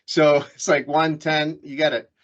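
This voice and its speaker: A man's voice: on the high side, little pitch movement, unhurried, a bit bright, muffled recording. A man hosting a business podcast, telling stories in a loose, jokey way with many restarts. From Canada. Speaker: podcast host. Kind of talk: casual business interview chat.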